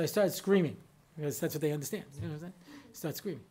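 A man's voice: on the high side, fast talker, warm tone. A middle-aged American man, a rabbi giving a humorous lecture, telling anecdotes in a chatty way with constant "you know" asides. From United States.

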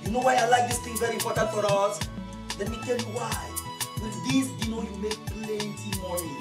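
A woman's voice: on the high side, fairly even intonation, fairly quick, natural voice. A woman playing a boastful club owner in broken English. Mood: jovial. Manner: broken English, repeats 'eh?' and 'you understand'. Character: boastful, showy club owner who makes shady deals. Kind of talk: film drama acting. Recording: echoey room, far mic, loud music.

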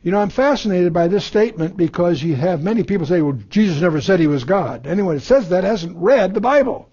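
A Bible teacher leads a verse-by-verse lesson, reading scripture aloud and then explaining it, with many fillers and restarts. His mellow voice sits high, with lively intonation and a fairly quick pace, though the recording is muffled.

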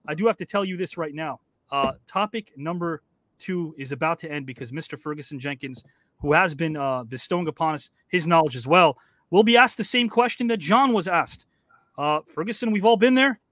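A man's voice: sits high, a bit bright, no echo. A man hosting a talk show who speaks in a formal, announcing way and addresses his guests politely. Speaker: host.

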